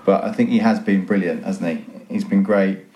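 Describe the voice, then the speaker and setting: Man, podcast panellist, dark mellow voice, relaxed. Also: low-pitched, normal speed. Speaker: podcast co-host. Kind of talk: casual chat.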